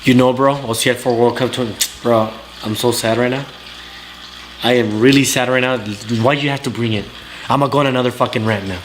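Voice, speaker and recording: Man, young, talk-show host, profane blunt rants, mid pitch, faint background noise. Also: steady tone, a little fast. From Southern California. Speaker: talk show host reading live chat. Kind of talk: casual livestream rant.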